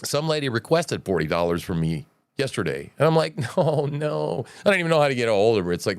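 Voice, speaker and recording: Male livestream host, combative preacher-style commentator, swears freely, pitch swings widely, dry close sound. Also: big pitch swings, brisk, few pauses, no room sound. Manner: blunt, profane, preachy rants; jumps between mocking quotes and lectures. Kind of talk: combative political and religious commentary.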